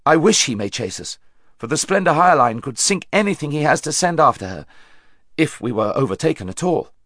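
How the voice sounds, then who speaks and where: A man voicing a steady, confident young king in a storybook reading. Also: a little high, fairly quick, no echo, clean studio sound, pitched above the performer's own voice.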